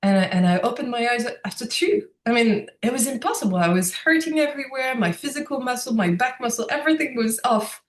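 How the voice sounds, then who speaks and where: A woman's voice: on the high side, a little fast, few pauses. Woman with a roomy echo. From France. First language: French. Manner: animated, reflective, laughs often. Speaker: guest. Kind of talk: casual conversational storytelling.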